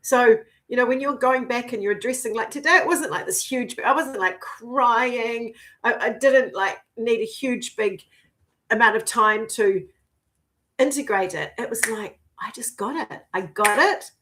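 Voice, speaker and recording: Swearing, emphatic woman in her fifties. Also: on the high side. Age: 50s. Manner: profane and emphatic, swings between declaring and hushed whispers. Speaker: spiritual coach. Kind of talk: spiritual vlog monologue.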